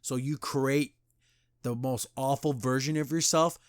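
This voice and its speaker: A man's voice: mid-range voice, fairly even intonation, measured pace, smooth, dry recording, studio quality. A man hosting a podcast, chatting casually and animatedly as he reviews an episode and retells its scenes. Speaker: podcast host.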